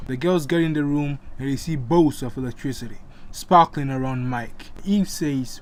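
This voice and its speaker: A man's voice: mid-range voice, normal speed, darkish tone. A man casually retelling a comic story, with chatty asides to the listener. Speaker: narrator.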